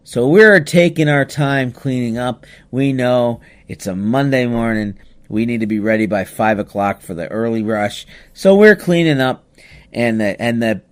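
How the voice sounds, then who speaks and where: A man tells a personal story on a podcast in a loose, conversational way. He is animated, stops and restarts sentences, and scatters "you know" asides throughout. His voice sits at an ordinary mid pitch for a man. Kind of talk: casual spoken storytelling.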